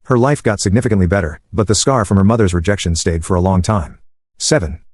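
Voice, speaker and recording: Narrator: man, lowish voice, steady even read, dry close sound. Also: fast talker, slightly rough, dry recording. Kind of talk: scripted storytime narration.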